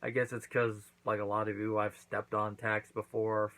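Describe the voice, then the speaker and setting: A man's voice: lowish voice, flat delivery, normal speed, a bit bright, low-quality recording. A man hosting his own channel, casually recapping and reviewing a wrestling event, acting out quotes as he goes. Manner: chatty recap with acted-out quotes.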